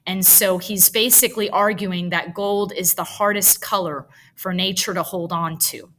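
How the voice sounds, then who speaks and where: Woman, writing teacher, slow deliberate pace, drafting aloud, mid-pitched voice. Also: a bit bright, poor audio. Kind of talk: writing lesson, thinking aloud.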